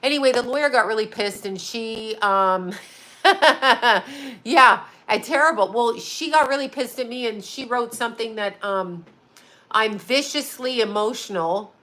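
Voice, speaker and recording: A woman's voice: fairly high pitch, normal speed, hardly any pauses, sharp tone. A middle-aged woman, host of her own channel, talking casually in a rambling, emotional way and swearing freely. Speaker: psychic medium and channel host. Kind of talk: casual livestream chat.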